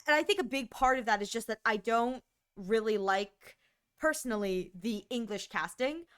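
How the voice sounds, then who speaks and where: A woman's voice: fairly high pitch, lively intonation, normal speed, smooth. A woman streamer chatting casually on a livestream, rambling with lots of fillers and acting out her own reactions in quoted asides.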